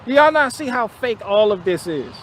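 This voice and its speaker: A man with a notably high voice holds forth on a casual live stream. He talks bluntly and profanely, doubling back on his words as he builds his rant. A faint hiss of noise sits under the recording. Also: big pitch swings, moderate pace, a bit bright. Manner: repetitive, restarting phrases.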